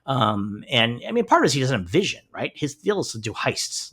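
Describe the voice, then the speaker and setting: Animated man recapping a show. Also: medium pitch, fairly quick, husky. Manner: animated, swears freely, acts out characters' lines in retelling. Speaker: podcast co-host. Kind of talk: casual chat, recapping a TV show.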